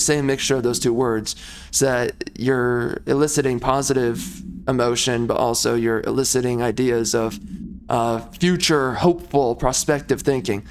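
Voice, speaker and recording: A man's voice: mid-range voice, slight background noise. A man giving casual commentary while playing a video game, rambling and ranting with sarcastic asides.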